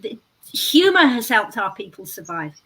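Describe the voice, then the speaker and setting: Casting note: British woman, bright, fairly high voice, dry wit, blunt delivery. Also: big pitch swings, normal speed, breathy edge, rough recording. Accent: British English. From Britain. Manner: dry, blunt, darkly humorous. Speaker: guest speaker. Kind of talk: interview on stage. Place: live event before an audience.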